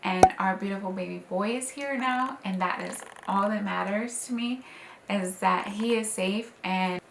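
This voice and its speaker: Young woman, new mom, casual heartfelt vlog delivery with filler words, medium pitch, recorded in a slightly echoey room. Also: unhurried, creaky, heavy background noise. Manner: emotional, tender, many "like" and "um" fillers. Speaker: vlogger, new mother. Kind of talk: casual personal storytelling. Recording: slightly roomy with faint ambience.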